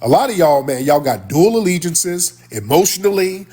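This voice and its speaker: Over a phone or desktop mic, a live-stream host scolds a caller, hurling "sir" repeatedly with sharp disdain in a heated exchange. His husky, somewhat high voice swings widely in pitch as he argues, at a moderate pace.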